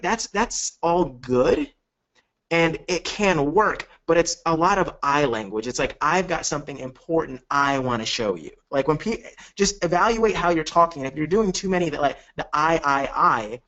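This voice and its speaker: A man's voice: a little high, expressive, moderate pace, a bit bright, lo-fi sound. A man coaching on a live webinar, talking with energy and acting out quoted phone calls. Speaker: network marketing coach.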